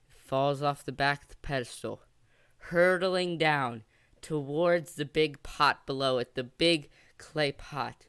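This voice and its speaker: A teenage young man hosting his gaming channel, telling a rambling, excitable story with lots of fillers. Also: fairly high pitch, smooth, no room sound, clean studio sound. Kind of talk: story time narration over gameplay.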